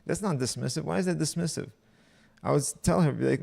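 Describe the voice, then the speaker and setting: A man's voice: a little high, quick pace, gravelly, a little mellow. A man streaming himself reading online posts aloud and reacting with profane, exasperated commentary.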